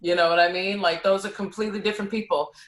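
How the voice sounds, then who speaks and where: A woman opera singer, a guest in a casual conversation, telling stories in an animated way with lots of "you know.". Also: medium pitch, quick pace. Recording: roomy echo.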